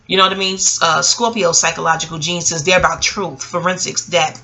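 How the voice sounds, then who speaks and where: A woman, telling a personal story in a casual vlog. She talks in an animated, profane, slangy way. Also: a little fast. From Queens, New York. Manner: animated, profane, street slang, jumps up in pitch for quoted voices. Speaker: vlogger.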